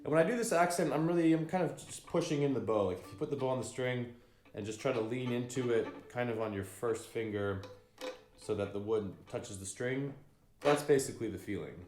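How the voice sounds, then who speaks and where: A man teaching fiddle bowing in a relaxed, unhurried way, often pausing with ums and singing out rhythms. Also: medium pitch, over music. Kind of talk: relaxed spoken music lesson. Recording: echoey room with fiddle playing.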